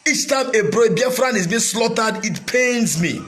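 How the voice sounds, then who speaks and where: A Nigerian man whose first language is Igbo gives an impassioned speech to his followers as a self-styled militia leader. He declaims fiercely and swings between shouting and a sing-song cadence. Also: very high-pitched, animated, moderate pace.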